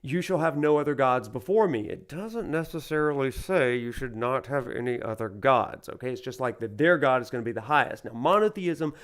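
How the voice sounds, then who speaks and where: A man with a Southern US accent lectures as a university professor while he plays a game. His voice sits in a middle range, and he talks in an animated, rambling way with plenty of fillers. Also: mid-range voice, brisk, hardly any pauses. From Alabama, USA. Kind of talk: lecture over gameplay.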